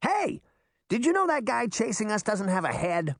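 A man's voice: high-pitched, very animated, moderate pace, dry recording, studio quality, voice pushed up, full character voice. A man voicing a cocky, mischievous boy fairy who talks in a smug, flippant way in an audiobook.

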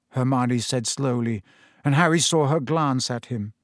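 An audiobook narrator with a medium-pitched voice reads a novel in a measured storytelling manner, delivering scripted narration. The clean studio recording has no room sound.

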